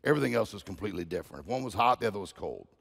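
A man's voice: fairly low pitch, expressive, very fast, vocal fry, slightly rough, long reverb tail. A man preaching as a guest speaker, telling folksy humorous stories and often repeating words. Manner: storytelling, folksy, repeats himself.

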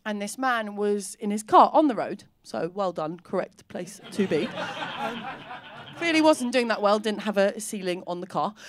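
A woman in her thirties doing a bawdy stand-up comedy set on a club stage, acting out characters and breaking into shouts. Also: medium pitch, expressive, normal speed, slight background noise. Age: 30s.

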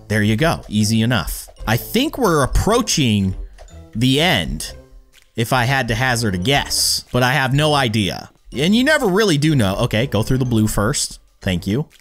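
A man giving excitable let's-play commentary as a gaming YouTuber, pleading with the game and cheering on a teammate. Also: medium pitch.

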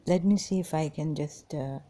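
A woman recounting memories in a halting personal monologue, pausing often, apologizing and trailing off. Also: low-pitched, warm tone. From Pakistan. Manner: hesitant, many pauses and apologies, trails off.

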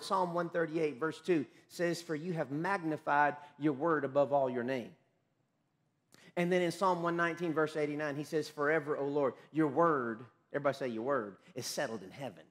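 A man pastor preaching a sermon, quoting scripture rapidly, calling on the congregation to repeat after him, and breaking into excited shouts. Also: a little high. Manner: emphatic preaching with rapid scripture quotes and call-and-response.

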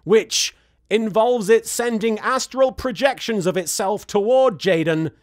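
Male host, high voice, sarcastic comedic recap commentary. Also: measured pace. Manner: sarcastic, exasperated asides. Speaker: host recapping an anime episode.

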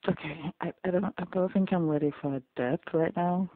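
A person reacting to a TV episode in casual audio commentary, excitable and gushing, quick to get emotional. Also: medium pitch, no echo. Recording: dry, tinny phone-like sound.

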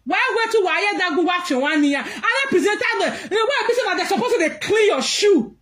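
High-pitched Nigerian woman ranting. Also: animated, a little fast. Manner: laughs through her words, shouts out bursts; mixes pidgin and English, scolding. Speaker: social media commentator. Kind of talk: ranting vlog commentary.

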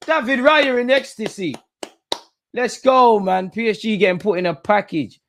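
A man's voice: sits high, normal speed, a bit bright, slight background noise. A man reacting to a football match with cheeky banter.

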